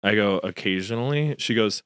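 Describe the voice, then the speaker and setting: Podcast host, man in his thirties, low voice, dry close studio sound, animated storyteller who acts out the voices. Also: normal speed, smooth, no echo. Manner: animated storyteller acting out quoted dialogue. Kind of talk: casual storytelling chat.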